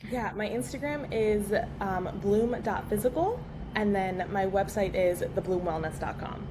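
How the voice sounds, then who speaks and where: Woman, podcast guest, casual chat, lots of filler words, audible background noise. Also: medium pitch. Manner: fast, filler-heavy, frequent "like". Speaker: pelvic floor physical therapist guest. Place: podcast studio.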